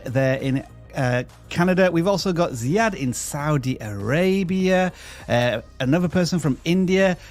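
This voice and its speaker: A man's voice: mid-range voice, darkish tone. A man hosting a livestream, chatty and joking as he greets viewers by name. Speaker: livestream host. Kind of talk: upbeat livestream chat.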